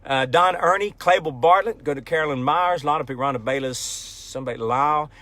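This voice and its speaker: A man's voice: on the high side, fairly quick, sharp tone, no room sound. A man chatting casually on a livestream from his pickup at a ranch, rambling and telling jokes. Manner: folksy, rambling joke-teller. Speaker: country singer hosting a livestream. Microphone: phone livestream.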